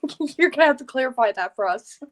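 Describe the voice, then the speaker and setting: Woman, somewhat high pitch, curious, chatty, questioning. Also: lively intonation, fast. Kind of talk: casual chat on a live call.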